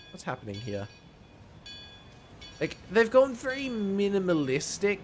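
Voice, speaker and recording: A man's voice: medium pitch, a little hiss or hum. A young man commentating a story game, reading its text aloud with playful, wry asides. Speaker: gaming streamer.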